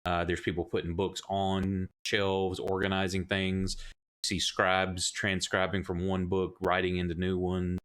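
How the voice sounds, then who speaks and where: A man's voice: low-pitched, completely flat delivery, measured pace, a bit bright. A man narrating a tabletop game as game master in a loose, casual way.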